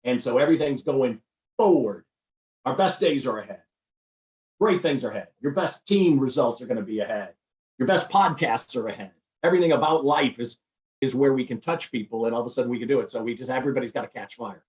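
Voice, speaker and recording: A man speaking as a podcast guest, giving an energetic, emphatic motivational talk with lots of repetition. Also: mid-range voice, brisk, recorded from a distance. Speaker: guest, recruiting firm CEO and speaker. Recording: roomy, off-mic sound.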